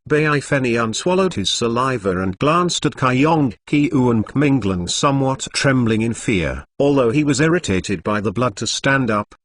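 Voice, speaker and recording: A synthetic male voice narrating a translated web novel in an even, machine-read delivery. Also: medium pitch. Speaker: audiobook narrator.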